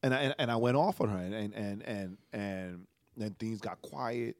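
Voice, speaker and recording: A man's voice: fairly low pitch, normal speed, hardly any pauses, dry recording, studio quality. Earnest, emotional man pastor. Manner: earnest storytelling, keeps asking "right?". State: emotional, tearful. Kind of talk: casual podcast conversation.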